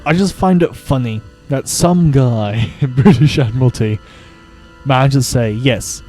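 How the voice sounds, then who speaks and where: A man's voice: mid-range voice, unhurried, dark tone, faint music behind. A man streaming a video game, giving casual, wry commentary with frequent chuckles. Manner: wry, amused, chuckles often.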